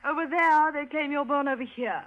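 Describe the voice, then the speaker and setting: Woman, English accent, genteel and giggly radio comedy guest; very high voice. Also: brisk, fairly bright tone. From England. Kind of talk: old-time radio comedy banter. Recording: dull vintage radio broadcast.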